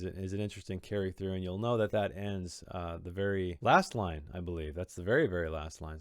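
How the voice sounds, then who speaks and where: In a deep voice captured with studio quality and no room sound, an author walks through a story he wrote. His commentary is reflective and meandering, full of restarts as he explains the choices he made.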